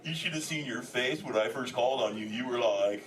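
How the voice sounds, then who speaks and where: A man's voice: medium pitch, a little fast, distant mic, natural voice. An actor playing a laid-back male sea turtle who talks like a surfer dude, chatting with the audience in a live theme park show. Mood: laid-back, goofy. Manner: surfer slang, says "dude" constantly. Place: indoor theater with audience. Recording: echoey theater taped from the audience, crowd noise.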